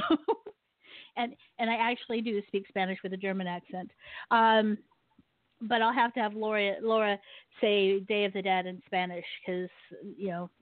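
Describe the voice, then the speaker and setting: A woman's voice: medium pitch, fairly even intonation, moderate pace, no room sound. A woman hosting a talk radio show, ranting animatedly about her pet peeves and laughing often. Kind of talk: casual radio talk with a guest. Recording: tinny phone-line sound, dry.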